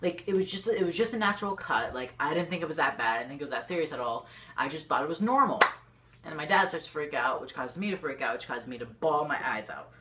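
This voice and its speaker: A teenage girl telling a storytime vlog to her camera. She rambles excitedly and fills her talk with lots of "like". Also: low-pitched, quick pace, a little hiss or hum. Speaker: YouTuber. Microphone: camera facing the speaker.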